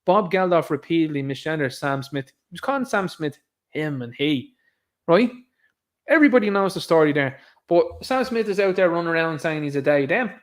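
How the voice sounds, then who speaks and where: A man with a Dublin accent hosts his own livestream in a loose, ranting commentary style. He sounds sarcastic and mocking and laughs often, with a voice sitting a bit higher than most men's. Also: animated, brisk. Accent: Irish, Dublin. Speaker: streamer, host. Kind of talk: casual livestream rant commentary.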